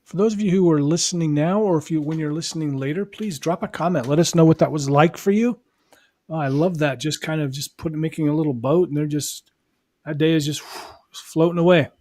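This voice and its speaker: A man's voice: a little high, fairly quick, darkish tone, no echo, clean studio sound. A male host with a Californian accent chatting casually on a live stream, laughing easily and often restarting his sentences.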